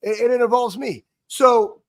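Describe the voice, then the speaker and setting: A man in his forties co-hosting a talk show, telling a rambling, animated story with lots of stumbles and restarts. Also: extremely high pitch, normal speed. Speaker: co-host, former player.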